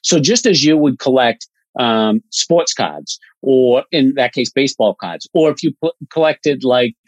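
A man's voice: mid-range voice, measured pace, dry recording, lo-fi sound. A man guest on a podcast, explaining cause marketing ideas in a chatty, casual way with lots of fillers and examples.

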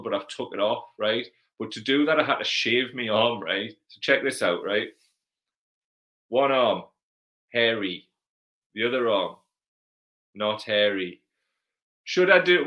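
A man's voice: medium pitch, pushed and bright, low-quality recording. A man with a Geordie accent hosting a casual livestream Q&A, chatty and blunt, swearing freely as he reads out viewer comments. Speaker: livestream host.

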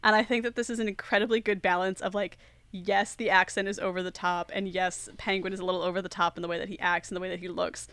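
A woman's voice: medium pitch, fast, no room sound. A young woman hosting a podcast, casually recapping a film and laughing often. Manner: lively retelling, laughs often. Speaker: podcast host. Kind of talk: casual movie recap chat.

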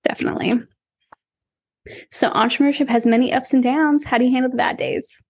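A woman's voice: sits high, steady tone, a little fast, a little mellow, husky. A woman hosting a podcast interview, chatty and enthusiastic. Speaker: podcast host.

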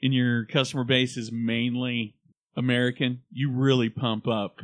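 A man's voice: medium pitch, little pitch movement, normal speed, no room sound. A man co-hosting a podcast in casual banter, joking and laughing often. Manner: joking, laughs often, does mock accents. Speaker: podcast co-host.

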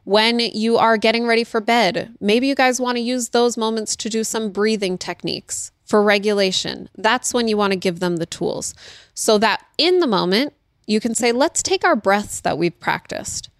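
A woman's voice: a little high, moderate pace, dry recording, clean studio sound. A woman in her thirties giving parenting advice in a casual, earnest way, repeating her key points.

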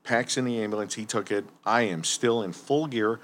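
A man's voice: on the low side, moderate pace. A man telling firefighting stories in casual, profane chat, acting out what people said. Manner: animated, profane, acts out quotes.

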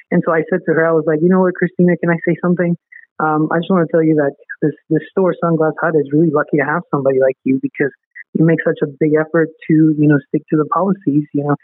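This podcast guest, a man with a fairly high voice, tells an interview story over a tinny, phone-like line with no echo. Earnest and quick, he keeps asking "right?" as he goes.

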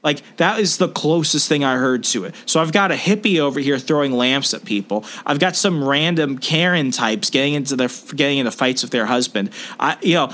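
Animated young man telling a story. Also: a little high, a little fast, few pauses. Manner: animated, acts out quoted people in put-on voices. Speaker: podcast co-host. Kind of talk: casual storytelling chat.

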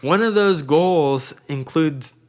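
A man co-hosting a casual talk show, relating facts in a relaxed way and laughing often. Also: fairly high pitch, takes it slowly. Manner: laid-back storyteller, reads facts and laughs often. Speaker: podcast co-host. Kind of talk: casual chat.

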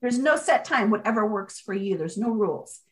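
A woman author being interviewed, speaking in an energetic, motivational way and driving her points home with repetition. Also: medium pitch, moderate pace, rough recording. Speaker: author guest. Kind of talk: conversational interview.

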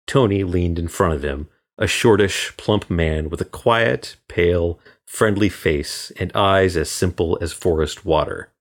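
A man from Florida reading a crime story as guest narrator in measured, even storytelling. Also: low-pitched. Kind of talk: scripted audiobook narration.

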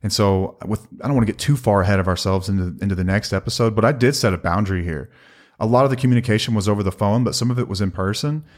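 Low-voiced man, earnest podcast co-host. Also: quick pace. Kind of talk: casual conversational podcast.

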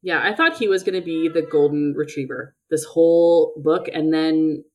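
A woman's voice: low voice, normal speed, dull audio. A woman co-hosting a casual book podcast, blunt in her opinions and mocking characters. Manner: blunt, mocks characters in whiny voices. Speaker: podcast co-host.

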